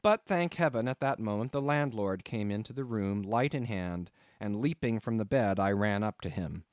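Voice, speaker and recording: A man narrating an audiobook of a classic novel in an expressive reading style. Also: on the low side, normal speed, smooth, no room sound, clean studio sound. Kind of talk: scripted narration.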